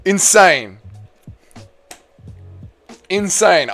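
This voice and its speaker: A man hosting a live fight watch-along stream, commentating excitably and with heavy swearing, yelling at the big moments and then talking drained and emotional. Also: a little high, a little slow, long pauses, soft background music. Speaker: livestream host.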